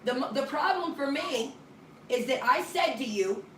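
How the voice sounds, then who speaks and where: A woman's voice: high voice, animated, normal speed, fairly bright tone. A woman ministry leader on a phone call, talking firmly and bluntly while pleading. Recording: roomy room, distant mic, faint noise.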